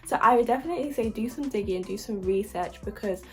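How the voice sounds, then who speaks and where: A woman's voice: mid-range voice, fast, a little mellow. A young woman from the UK giving casual advice about university applications, chatty and upbeat with frequent fillers. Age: young adult. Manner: chatty and upbeat, lots of likes and ums.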